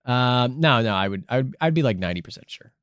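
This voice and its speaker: A man's voice: medium pitch, animated, quick pace, a bit bright, no room sound, clean studio sound. A man co-hosting a casual podcast, rambling and swearing as he jokes through his points. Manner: rambling, profane, joking. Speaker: podcast co-host.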